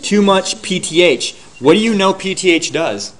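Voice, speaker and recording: A man teaching a class, lecturing and quizzing his students with rapid questions and answering them himself. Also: high voice, expressive, a bit bright.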